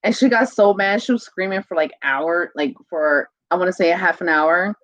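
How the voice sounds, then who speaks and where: A woman telling casual home stories, laughing often and switching into a high sing-song voice for a toddler. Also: normal speed, fairly bright tone, no echo, poor audio. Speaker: vlogger. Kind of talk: casual chat.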